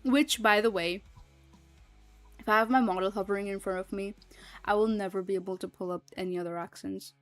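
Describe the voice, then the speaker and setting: A woman's voice: medium pitch, fairly even intonation, a little fast, no room sound, soft background music. A young woman streaming, chatting casually and rambling with lots of fillers and frequent laughs. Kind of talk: casual livestream chat.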